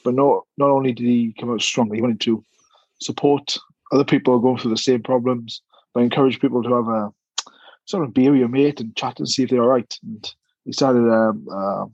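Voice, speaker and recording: A man who played rugby, talking as a guest in a casual chat, relaxed and full of uhs and repeated words. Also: mid-range voice, brisk, breathy edge, no room sound, dull audio.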